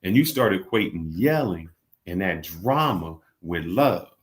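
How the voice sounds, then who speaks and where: A man's voice: low-pitched, a little slow. A man co-hosting a casual reflective chat, telling stories and acting out the people in them. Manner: animated storyteller, acts out quotes. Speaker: vlog co-host.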